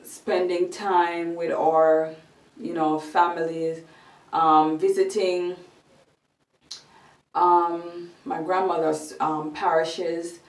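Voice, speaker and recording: A woman vlogger casually recalling childhood holidays, pausing often with ums and likes. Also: lowish voice, flat delivery, recorded from a distance. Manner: hesitant, many ums and likes. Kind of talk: casual storytelling. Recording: roomy, off-mic sound.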